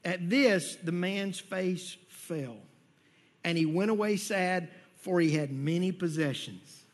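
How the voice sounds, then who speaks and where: A man preaching a sermon as a pastor, conversational, with frequent repeated words and slow, emphatic phrases. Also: high voice. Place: church sanctuary. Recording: long reverb of a church hall.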